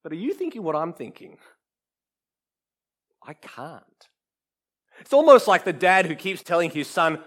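A man preaching a sermon in an earnest, emphatic way, often dropping to a hush for effect. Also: high voice, lively intonation, normal speed. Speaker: pastor.

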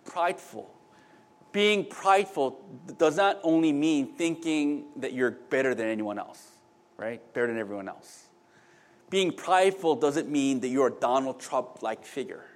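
A man's voice: medium pitch, a little slow. A middle-aged man preaching a sermon in a conversational way, with asides to the congregation and many restarts. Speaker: pastor.

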